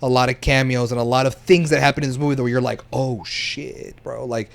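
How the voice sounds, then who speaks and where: Slangy, fast-talking young man. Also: medium pitch, vocal fry, smooth. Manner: animated, slangy, quick bursts of opinion. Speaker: podcast co-host. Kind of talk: casual chat.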